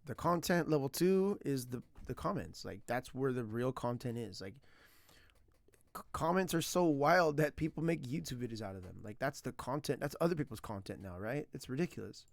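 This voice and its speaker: A man chatting casually on a stream while learning a language, rambling and excitable, laughing often and using slang. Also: medium pitch, normal speed, creaky, dry recording.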